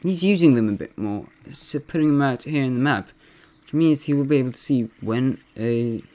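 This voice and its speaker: A man's voice: medium pitch, normal speed, a little mellow, lightly acted. A man doing an amateur game-caster impression. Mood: upbeat commentary. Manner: hesitant, full of fillers and self-corrections. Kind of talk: game replay commentary.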